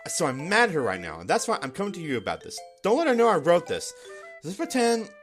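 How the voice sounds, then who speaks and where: A small, feisty teenage girl speaks in a blunt, pushy way, as a man reads her lines aloud in his own voice. Her tone is lively, and soft game music runs underneath. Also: a little high, quick pace, pitched above the performer's own voice. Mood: worried. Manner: pushy, then earnest.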